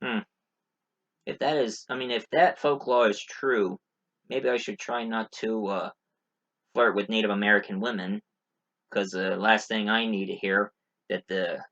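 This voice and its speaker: A man's voice: fairly low pitch, steady tone, moderate pace, fairly bright tone, lo-fi sound. Casual male movie reviewer, rambling and jokey. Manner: rambling, many fillers, joking asides.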